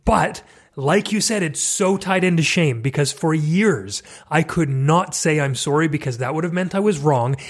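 A middle-aged Canadian man hosting a casual conversation, candid and self-deprecating with animated asides. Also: on the high side, normal speed, husky. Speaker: podcast host.

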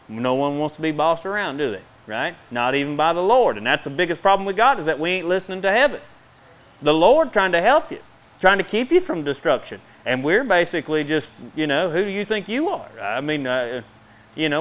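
A middle-aged man preaching a sermon in a fast, folksy way, with bursts of emphasis between quick asides. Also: fairly high pitch, fairly bright tone.

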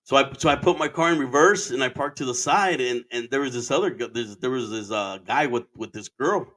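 A man from Arizona, in his thirties, spins a loose, meandering anecdote in an everyday mid-pitched voice. He swears freely and slips Spanish phrases into his English as he goes. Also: brisk, fairly bright tone. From Arizona, USA. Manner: rambling, profane, switches into Spanish phrases. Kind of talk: casual storytelling monologue.

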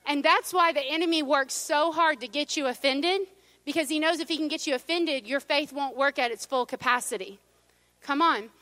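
A middle-aged woman preaches in a relaxed, storytelling manner, tossing playful asides to her congregation. Her voice sits high and rings bright. The sound is close and dry. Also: normal speed, dry recording. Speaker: pastor. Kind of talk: sermon.

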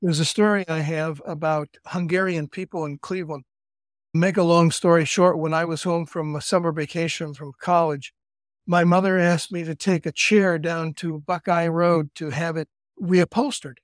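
Older guy on a podcast, talks kinda high, rambles into family stories. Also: fairly even intonation, dry recording, clean studio sound. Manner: storytelling, chatty, quick asides. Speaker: podcast co-host. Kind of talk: casual family-history chat.

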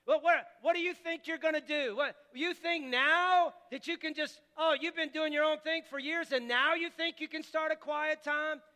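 A man voicing a taunting male devil who mocks and accuses in loud, drawn-out jeers. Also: very high-pitched, steady tone, in a large hall, voice pushed up. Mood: mocking.

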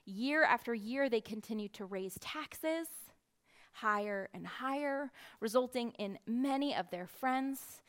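A high, bright woman's voice reads scripture and then explains it in a lively teaching manner. She acts out the crowd's shouts with animated emphasis. Her tone stays crisp and forward. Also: a little slow. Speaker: children's Bible teacher. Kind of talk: Bible reading and lesson.

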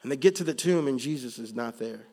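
A man preaching a sermon, moving from calm teaching to loud, emphatic passages, with casual slang in his storytelling. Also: medium pitch, quick pace. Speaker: pastor.

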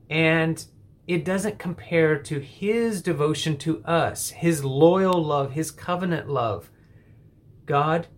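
A man hosting a devotional podcast, teaching through a psalm and leading a prayer in a measured, reverent way. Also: a little high.

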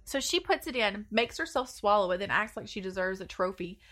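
A woman's voice: medium pitch, lively intonation, a little fast, fairly bright tone. A woman co-hosting a podcast, telling a family story in casual chat with wry, teasing humor. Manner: wry, teasing, laughs through stories. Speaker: podcast co-host.

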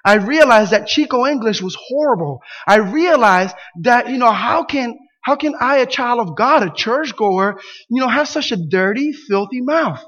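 Pastor, male, Spanish speaker, high voice, animated storyteller, lo-fi recording. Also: moderate pace, breathy edge. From Puerto Rico. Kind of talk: sermon with a personal story. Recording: dull lo-fi sound.

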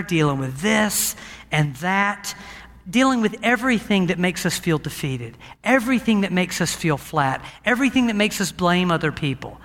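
A man preaching as pastor, telling a personal story in a conversational, animated way to a church. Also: sits high. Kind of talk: sermon. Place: church sanctuary with a balcony. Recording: church hall reverb.

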